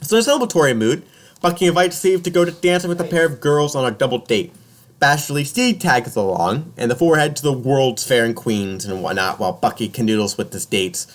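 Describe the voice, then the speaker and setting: A young man with a medium-pitched voice and a slightly fast pace casually recaps a film on a podcast. He's animated and jokey, slipping into silly voices for the characters.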